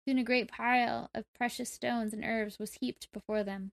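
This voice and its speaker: A woman's voice: fairly high pitch, steady tone, moderate pace, vocal fry. A woman co-hosting a comedy podcast, reading a folk tale aloud in a playful manner with jokey asides. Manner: playful, laughs often at her co-host. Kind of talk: storytelling read-aloud with joking asides.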